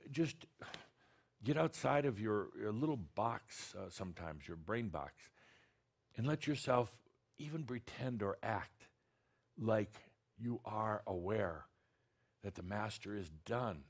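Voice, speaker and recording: A man's voice: fairly low pitch, animated, slow pace, husky. A man channeling a spiritual teacher, talking to an audience in a blunt, direct, teasing way with many restarts.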